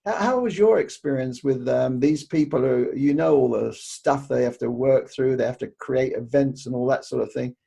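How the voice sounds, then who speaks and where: A man's voice: mid-range voice, normal speed, vocal fry, few pauses, dark tone, husky. A man hosting a casual interview, asking rambling questions with many fillers. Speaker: interview host.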